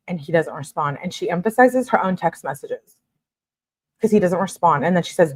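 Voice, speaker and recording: A woman commentating casually to viewers while reading out text messages, chatty and expressive. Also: lowish voice, a little fast, husky. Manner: chatty, expressive, frequent "like" and laughs, addresses viewers as lovies. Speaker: true-crime commentator reading texts aloud.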